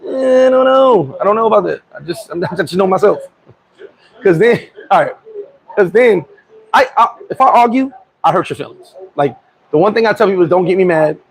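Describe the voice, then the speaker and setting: American man, livestream host: high, gravelly voice, loose chatty delivery, shout-outs and comment reading. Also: animated, brisk, a little hiss or hum, rough recording. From United States. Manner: reads viewer comments and gives shout-outs; rambling, with frequent restarts and chuckles. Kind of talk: casual livestream chat.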